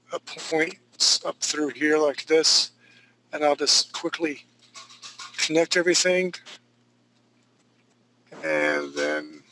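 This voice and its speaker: A man's voice: a little high, gravelly, pushed and bright, a little hiss or hum, rough recording. A man teaching a live drawing class, casually talking through each step as he draws at his computer. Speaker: drawing instructor.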